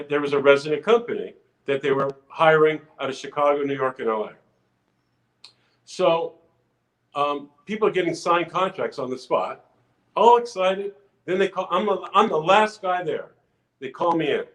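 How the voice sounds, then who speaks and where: An older man, a podcast guest, telling a lively anecdote in casual chat, full of restarts and acted-out quotes. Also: on the high side, normal speed, roomy sound, poor audio. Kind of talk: casual storytelling.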